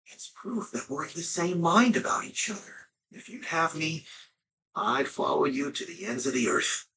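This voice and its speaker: An actor voicing a humble, devoted young male knight in a video game, earnest and quick to get choked up. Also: fairly high pitch, animated, bright, forceful tone. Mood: moved.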